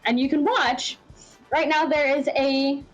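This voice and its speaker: A woman's voice: high-pitched, steady tone, a little slow, dull audio, soft background music. A woman running a tabletop game as game master, narrating in a rambling way with many fillers.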